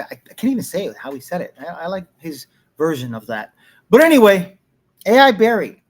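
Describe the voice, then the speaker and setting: A male host chats casually and rambles, drifting between jokes and asides. His voice sits a little high. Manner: rambling, loose and jokey. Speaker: show host. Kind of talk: casual chat.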